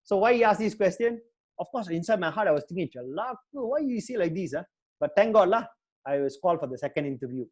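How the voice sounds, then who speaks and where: A middle-aged man from Malaysia with a Malaysian English accent, giving an animated, chatty career talk in an online session and mixing Malay words into his English. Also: sits high, fast. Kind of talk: motivational talk with audience Q&A.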